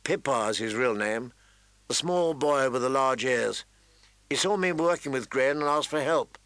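A man voicing an earnest young man on night watch, in a plain, even way. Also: mid-range voice, normal speed, dry recording, close to an everyday voice.

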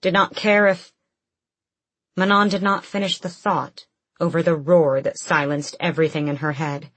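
A woman narrating a fantasy audiobook in a measured, steady storytelling manner. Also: lowish voice, no echo.

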